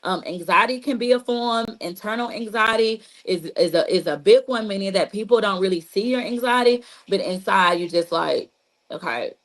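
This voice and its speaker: Poor audio carries the mid-range voice of a woman therapist, an adult with a child. Her teaching talk on trauma healing is casual and repetitive, aimed directly at listeners and full of "you know" and "like."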